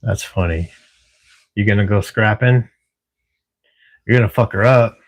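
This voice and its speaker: Middle-aged male streamer, low-ish voice, relaxed and chatty, quick to laugh, casual swearing. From Washington State, US. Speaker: livestream host. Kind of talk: casual live-stream chat with viewers. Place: at work at night.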